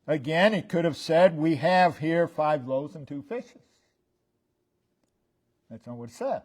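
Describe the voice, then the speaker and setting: A man preaching a sermon as pastor, stressing single words and swinging between loud and soft. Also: fairly high pitch, lively intonation, measured pace. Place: church sanctuary.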